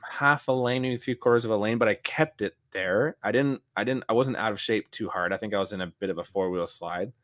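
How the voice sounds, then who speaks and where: This man speaks in a low, dry voice with almost no room sound around him. He co-hosts a podcast in a loose, casual way, and he tells his stories with a lot of animation, stumbling and restarting as he goes. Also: a little fast, few pauses, no room sound. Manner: animated storytelling with many restarts and fillers. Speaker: podcast co-host. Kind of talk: casual chat.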